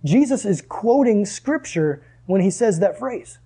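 Husky-voiced man preaching to a room. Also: sits high, lively intonation, unhurried. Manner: conversational, asks the room questions, drops to hushed tones for emphasis. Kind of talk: sermon.

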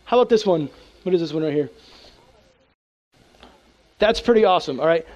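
A man, a youth pastor, preaching a casual, animated sermon to teens and acting out prayers in a hushed voice. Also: a little high, brisk, highs cut off.

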